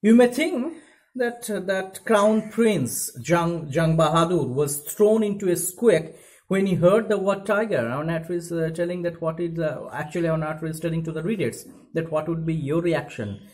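A slightly high, somewhat mellow male voice speaks at a moderate pace in a rough recording. The speaker, an English teacher with an Indian accent, reads a passage from a story aloud and then paraphrases it for students with many fillers while explaining the text in a recorded lesson.

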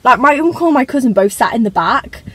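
A woman's voice: fairly high pitch, lively intonation, quick pace, a bit bright, slightly rough, no room sound, rough recording. Chatty teenage girl, rambling. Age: teens. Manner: rambling, chatty, self-conscious asides. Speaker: vlogger. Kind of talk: casual car tour vlog.

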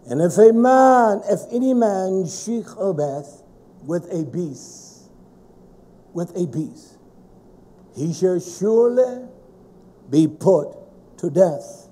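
A man preaching a sermon in a fervent, emphatic way, with sudden shouted stresses. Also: high-pitched, expressive, takes it slowly, pauses often, slight background noise.

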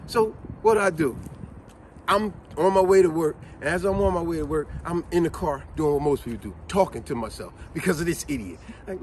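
A man's voice: a little high, fairly quick, a crowd in the background. A man in his forties telling a funny story as a casual rant to his viewers, acting out what people said and laughing at himself. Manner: lively, acts out quotes, laughs at himself.

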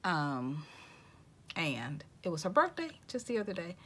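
A woman from Tennessee, chatting casually to camera, folksy and effusive, calling viewers y'all and honey and dropping into soft whispers. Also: fairly low pitch, big pitch swings, measured pace, slightly rough. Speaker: vlogger showing gifts.

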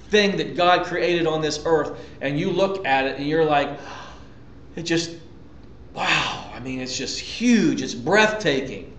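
Man, pastor, sermon, emphatic, rhetorical questions, slightly high voice, echoey lo-fi recording. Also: a little hiss or hum. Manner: emphatic, conversational preaching with repetitions and rhetorical questions.

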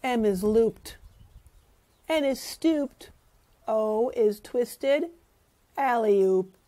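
A woman teacher reads a picture book aloud to children, stopping to ask them questions. Her slightly high voice swings widely in a sing-song way, and she takes her time with each line. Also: drawn-out words. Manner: animated, sing-song, asks the listeners questions.

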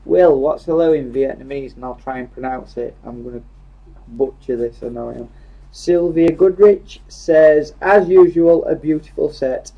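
A man's voice: fairly high pitch, moderate pace, creaky, lo-fi sound. A young man with a Yorkshire accent, casually reading live chat comments aloud and joking. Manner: jokey, reads comments aloud in a lively voice.

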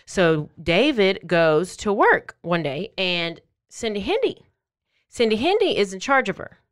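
Smooth-voiced woman telling a crime story. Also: medium pitch, unhurried. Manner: animated, acts out quotes in playful voices. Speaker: podcast host. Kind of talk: casual true-crime storytelling.

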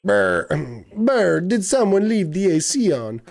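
Shivery card game guy with a fake jamaican accent, man doing the voice, bouncy pitch, faint music behind. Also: sing-song, slow, creaky, darkish tone, full character voice. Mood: mock-cold. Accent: put-on Jamaican accent. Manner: mock-dramatic read of game dialogue.

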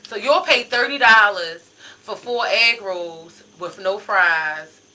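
A woman's voice: mid-range voice, lively intonation, slow pace, sharp tone, rough recording. A woman restaurant owner, a guest on a radio show, talking plainly about her hours and her food. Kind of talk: casual interview chat.

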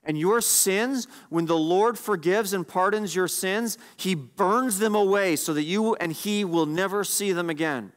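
Pastor, male, high-pitched, earnest sermon delivery, questions the congregation, slows to stress scripture. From Canada.

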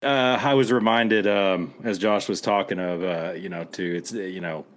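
A man's voice: sits low, steady tone, moderate pace, a little hiss or hum. Angry, blunt middle-aged man. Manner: angry, blunt, swears, rallying listeners. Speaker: podcast co-host. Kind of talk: impassioned podcast commentary.

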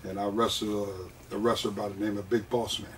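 A man telling stories from his wrestling career in a casual interview, animated and often laughing. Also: on the low side, a little fast, recorded from a distance, a little hiss or hum. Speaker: guest, wrestler.

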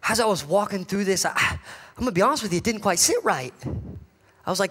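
A man preaching a sermon in a church, dramatic, building to shouts and then dropping low. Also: expressive, fast talker, husky, big-room sound. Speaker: pastor. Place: church sanctuary.

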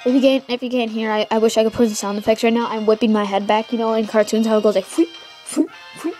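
A teenage girl rambles through her gameplay commentary at home, excitable and quick to mock the characters on screen. Her voice sits a little high. Soft game music plays underneath. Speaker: let's play host.

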